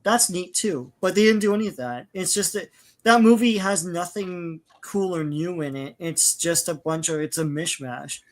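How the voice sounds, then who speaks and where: Man rambling through opinions, slightly high voice. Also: normal speed. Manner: opinionated, rambling, laughs often. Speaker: podcast co-host. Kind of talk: casual chat.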